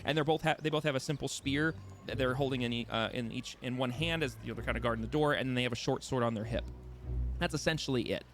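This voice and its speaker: A man narrating a tabletop game as game master, describing scenes haltingly with many pauses and restarts, over faint music. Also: mid-range voice, a bit bright.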